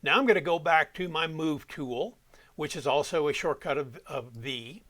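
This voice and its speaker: Guy walking thru audio editing software step by step, kinda high bright voice. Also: moderate pace. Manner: step-by-step, talks while clicking through software. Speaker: audio production instructor. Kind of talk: software walkthrough tutorial.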